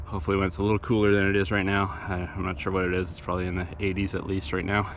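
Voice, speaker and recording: A man's voice: sits low, flat delivery, rapid-fire, background noise. A man casually talking through an outdoor vlog while picking up litter, rambling and matter-of-fact with many fillers. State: out of breath after a hill climb. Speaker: volunteer litter picker and channel host. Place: outdoors in woods and by a roadside.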